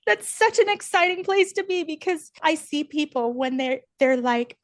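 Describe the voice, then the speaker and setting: A woman as a podcast guest, telling a candid personal story in an animated, earnest way, laughing often and acting out what others said. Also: high voice, moderate pace, hardly any pauses, no room sound. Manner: animated, laughs often, acts out quoted voices; earnest and encouraging.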